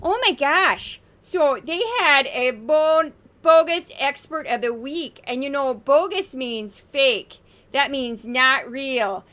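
A woman's voice: high-pitched, takes it slowly, bright, forceful tone, heavily acted. A woman putting on a chipper Minnesotan gal.

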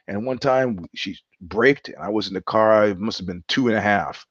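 A man's voice: lowish voice, normal speed, hardly any pauses, a bit bright, husky, no echo. A man hosting his own live-stream show, talking in a wry, rambling way and laughing often. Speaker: host. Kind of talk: solo live-stream monologue. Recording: slightly dull live-stream audio.

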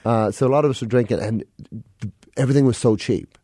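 Mellow-voiced man telling rambling anecdotes. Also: mid-range voice, quick pace, no room sound. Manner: rambling, self-mocking anecdotes with frequent laughs. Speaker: comedian guest. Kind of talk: casual storytelling in a podcast interview.

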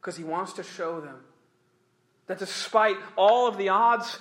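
A man preaching a sermon and reading scripture aloud, emphatic, slowing down for weight and chuckling between points. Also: high voice, fairly bright tone.

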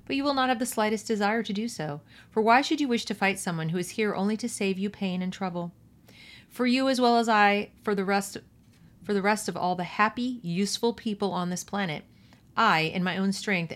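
A woman's voice: medium pitch, lightly acted. A woman reading as a soothing sinister man. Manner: smooth, patronizing, calm. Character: soothing sinister man controlling minds, adult. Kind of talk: reading a novel aloud.

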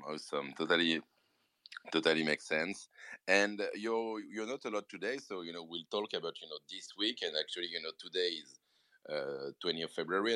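A man's voice: sits low, sharp tone, no echo, rough recording. A man with a French accent, a native French speaker, hosting a casual morning show with eager, repetitive talk and many fillers. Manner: enthusiastic, repeats words and fillers. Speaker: podcast host. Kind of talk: casual chat.

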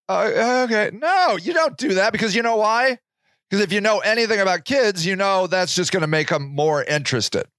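A man's voice: high voice, a bit bright, dry recording, studio quality. A man in his forties hosting a solo podcast, rambling and joking in casual talk and swearing freely. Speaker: podcast host.

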